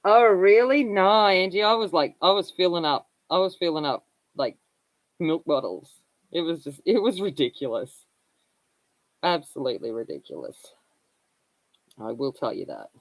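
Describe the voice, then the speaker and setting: A woman's voice: on the low side, expressive, moderate pace, pauses often, no echo, poor audio. A woman in her forties chatting casually as she hosts a colouring stream, telling rambling, candid stories and laughing often. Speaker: colouring livestream host. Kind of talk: casual chat.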